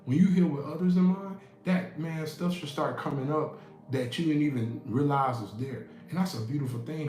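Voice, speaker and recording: A man's voice: on the high side, a little mellow. Preachy man in an echoey room. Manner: preachy, repeats key lines for emphasis. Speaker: inspirational speaker. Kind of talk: motivational talk to camera. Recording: echoey room with faint music.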